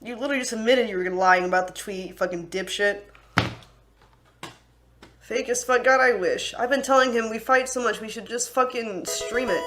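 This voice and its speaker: Young woman streamer, angry and profane, high bright voice, raw live rant. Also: normal speed. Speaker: livestreamer. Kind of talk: unscripted livestream rant.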